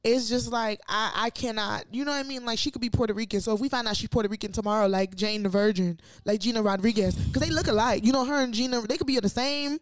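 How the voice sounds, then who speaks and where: A woman co-hosting a casual chat show, animated and sassy with quick comebacks. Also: on the high side, dry recording. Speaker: podcast co-host.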